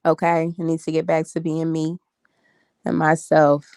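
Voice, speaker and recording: A woman's voice: sits low, monotone, normal speed, a little mellow, smooth, dry recording, studio quality. A tired woman in her thirties chatting casually to viewers on a phone livestream, calling them y'all and honey. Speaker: vlogger.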